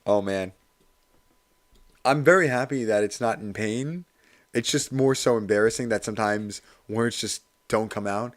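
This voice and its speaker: A man with a hoarse voice chatting casually and laughing at himself while livestreaming. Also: fairly low pitch, a little slow. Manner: chatty, self-deprecating, laughs often. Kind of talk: casual study stream chat.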